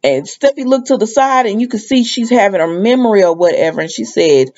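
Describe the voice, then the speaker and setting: A woman's voice: medium pitch, animated, a little fast, a little mellow, dull audio. A woman giving a casual, opinionated recap of a soap opera episode, retelling the scenes and quoting the characters' lines as she goes.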